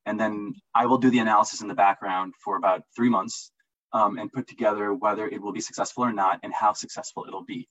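A man's voice: on the low side, fairly even intonation, fairly quick, fairly bright tone, rough recording. A man answering interview questions in casual, enthusiastic talk, often repeating words as he gets going. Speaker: interview guest, marketing analyst.

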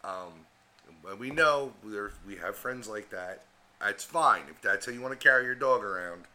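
Male podcast co-host, lowish sharp voice, wisecracking banter. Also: normal speed, rough recording. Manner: wisecracking, chimes in with jokes. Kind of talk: casual profane banter.

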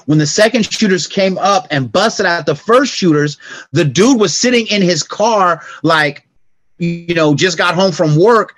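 A middle-aged man, a podcast guest, telling stories in casual conversation and acting out sounds and dialogue with lively energy. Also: high-pitched, unhurried, no room sound. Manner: animated, acts out sounds and dialogue.

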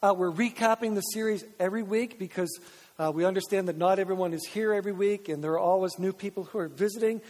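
A man preaching as a pastor, energetic and repetitive as he urges the congregation on. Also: sits high, fast. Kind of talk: sermon. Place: large church sanctuary. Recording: long reverb of a church hall.

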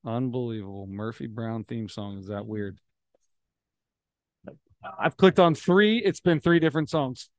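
A man co-hosting a casual podcast chat, rambling and animated, often fumbling for names. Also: mid-range voice, a little slow, pauses often, no room sound, clean studio sound. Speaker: podcast co-host.

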